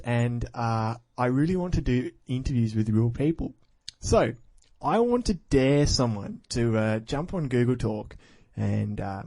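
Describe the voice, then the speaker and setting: A man's voice: medium pitch, darkish tone, no echo. A man hosting a music podcast in a rambling, goofy, casual way full of self-mocking asides. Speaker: podcast host. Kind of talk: casual chat between music.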